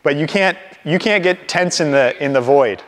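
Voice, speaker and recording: A man leading a live sales training session for a group, coaching in an energetic way and acting out phone calls. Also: a little high, normal speed, in a large hall. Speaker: real estate sales trainer.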